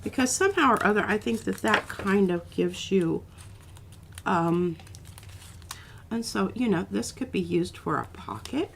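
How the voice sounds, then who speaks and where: Woman with a gravelly voice, rambling craft demo. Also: mid-range voice, lively intonation, measured pace, pauses often, slight background noise. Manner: chatty, rambling, with restarts. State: coughing now and then. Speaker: art stream host.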